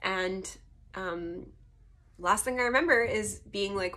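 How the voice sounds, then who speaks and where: Animated young woman vlogger telling a story. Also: mid-range voice, slow. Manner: animated, laughing, swearing, acts out quotes. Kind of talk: casual storytelling.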